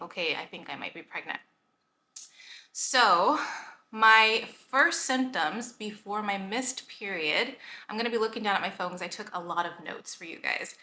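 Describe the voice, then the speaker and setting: A woman in her thirties chatting casually to camera as a vlogger, full of "like" fillers and quick laughs. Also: medium pitch, pushed and bright, reverberant.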